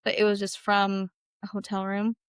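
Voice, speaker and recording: Young woman telling a personal story, clear voice. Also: monotone, moderate pace, no room sound, clean studio sound. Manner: heavy use of "like", quotes herself in a higher voice. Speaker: guest.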